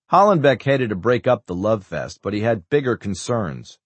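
A man reading a thriller audiobook as narrator, in a measured way. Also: lowish voice, sing-song, slightly rough, no room sound. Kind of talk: scripted narration.

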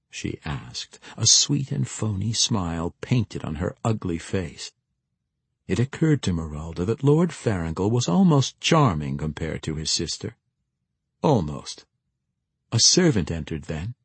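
Casting: low-voiced male narrator, lively delivery, husky, dry studio sound. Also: dry recording. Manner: expressive storytelling. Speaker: audiobook narrator. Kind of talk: scripted fantasy narration.

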